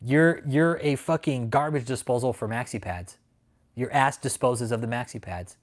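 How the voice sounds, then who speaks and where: A man's voice: mid-range voice, moderate pace. A man hosting a livestream, ranting in a mocking, profane way, often breaking into laughter and rambling. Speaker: livestream host. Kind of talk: casual profane livestream rant.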